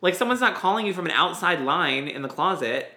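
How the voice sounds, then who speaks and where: A woman co-hosting a podcast, recapping a TV episode in a blunt, opinionated and excitable way. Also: fairly low pitch, brisk. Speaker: podcast co-host. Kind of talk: casual recap chat. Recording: roomy echo.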